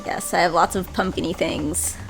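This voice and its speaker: A woman's voice: on the low side, steady tone, moderate pace, vocal fry, over music. A woman giving casual gameplay commentary, chatting away and talking to the characters on screen. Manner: chatty, talks to game characters. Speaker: video game player.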